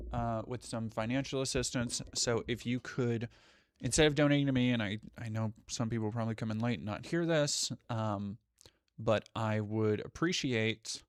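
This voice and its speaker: A man streams from home in a casual, meandering way, jumping between thoughts and cutting himself off with the occasional swear. His voice sits at a middling pitch. The sound is close and dry. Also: clear, resonant tone, dry recording. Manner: rambling, self-interrupting, swears casually. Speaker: live streamer. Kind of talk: casual live-stream chat.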